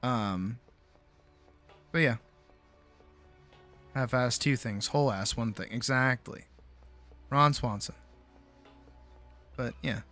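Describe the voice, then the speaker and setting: Tired, bright-voiced late-night streamer, swearing. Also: male voice, medium pitch, slow pace, long pauses, soft background music. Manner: rambling, swears freely, self-mocking. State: tired, sore jaw. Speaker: streamer and animator. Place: home streaming setup.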